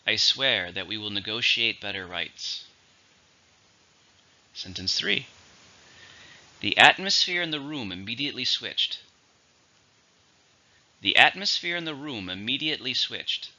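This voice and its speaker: A man teaching English vocabulary in a slow, clear scripted lesson, repeating each word for learners. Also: medium pitch, very animated, bright, forceful tone, dull audio.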